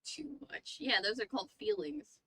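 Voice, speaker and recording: A woman's voice: high-pitched, very animated, moderate pace, a bit bright, a little hiss or hum, rough recording. A young woman reading a spooky book aloud and chatting casually with viewers. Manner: chatty, reacts to chat, swears casually.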